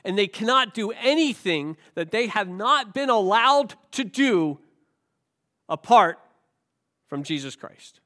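A man's voice: high voice, very animated, takes it slowly, bright, forceful tone. A male pastor with a cold, preaching a sermon with rhetorical questions and self-deprecating jokes. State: has a cold.

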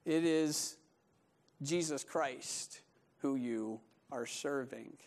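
A man's voice: mid-range voice, extremely slow, gravelly, a little mellow. A male pastor preaching a sermon in a conversational, joking manner.

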